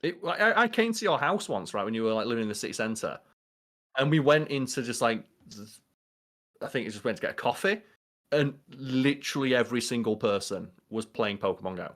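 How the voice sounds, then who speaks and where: A man co-hosting a casual podcast, telling animated stories and swearing offhand. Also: medium pitch, a little fast. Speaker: podcast co-host. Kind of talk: casual chat.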